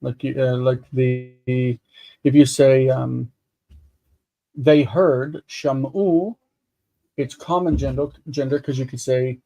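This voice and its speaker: Man explaining Hebrew grammar, mellow voice. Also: medium pitch, level tone, vocal fry, no room sound. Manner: explains grammar step by step, slow over Hebrew words. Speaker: co-host reading biblical Hebrew. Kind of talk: casual study discussion. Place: home studio, live stream.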